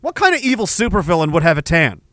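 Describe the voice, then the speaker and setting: A man's voice: fairly high pitch, very animated, quick pace, sharp tone, no room sound. A man streaming and reading chat aloud, joking, profane and mock-indignant. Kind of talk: casual chat.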